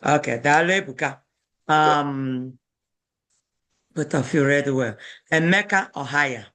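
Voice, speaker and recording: A woman's voice: deep voice, slow, a bit bright. A woman teaching a language class, patiently correcting students' pronunciation and modeling words with emphasis.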